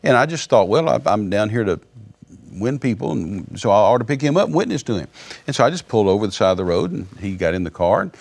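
A man telling a personal testimony in conversation, animated, with frequent repeated words. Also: fairly low pitch, fast, creaky.

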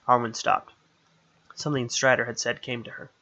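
A man reads a fantasy story aloud with steady, expressive narration. His voice is bright and clear in tone. The recording is a bit dull and muffled. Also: mid-range voice, brisk. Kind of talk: audiobook narration.

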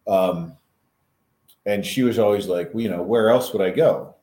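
A man in casual podcast chat, speaking haltingly and reflectively with restarts and throat clearing. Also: on the low side, mellow, reverberant.

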